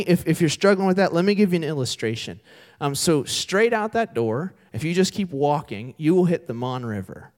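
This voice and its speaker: Young male pastor, sermon, lively pitch, animated storyteller. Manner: animated storytelling with voiced characters. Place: church sanctuary.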